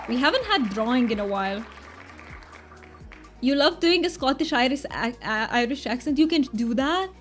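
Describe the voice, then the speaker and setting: Woman game streamer, friendly casual chat, a touch high, soft music bed. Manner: chatty, answers chat viewers.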